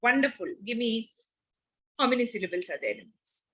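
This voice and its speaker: Bright-voiced woman teacher. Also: on the high side, expressive. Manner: emphatic, repeats key words, slows on examples. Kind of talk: online class lesson.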